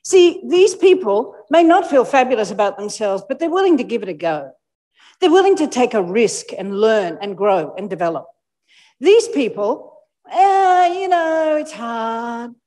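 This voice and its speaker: An Australian woman giving a lively motivational talk to a live audience, playfully acting out people's inner voices. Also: on the high side, normal speed. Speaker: motivational speaker. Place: large hall with live audience. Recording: echoey hall with long reverb.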